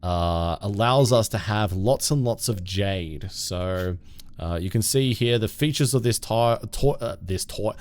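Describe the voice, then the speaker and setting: A man with a low-leaning voice and darkish tone chats casually with his viewers as he streams a game. He's relaxed and rambling, often restarting his thoughts and laughing quickly.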